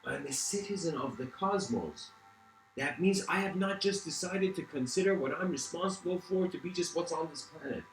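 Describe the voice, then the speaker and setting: A man's voice: fairly high pitch, normal speed, echoey room, faint music behind, pitched above the performer's own voice, natural voice, rough recording. A man voicing a brash, cocky ancient male philosopher with a tough-guy swagger. He talks emphatically and repeats himself. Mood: defiant.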